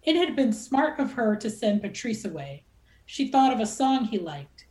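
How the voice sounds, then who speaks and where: Woman author reading her book out loud, lively voice, echoey room. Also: a little high, moderate pace. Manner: expressive, dramatic reading.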